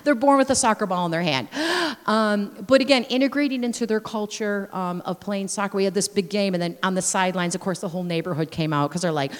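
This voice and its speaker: Lively woman preaching in echoing church. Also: mid-range voice, a little fast. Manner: lively storyteller, acts out scenes, exclaims praise. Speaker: missionary speaker. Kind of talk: sermon with personal stories. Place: church sanctuary. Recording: long reverb of a large church hall.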